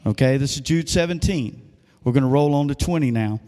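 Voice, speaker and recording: A man's voice: medium pitch, a little fast, mellow, big-room sound. A man preaching a sermon as pastor, conversational and asking the congregation questions. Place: church sanctuary.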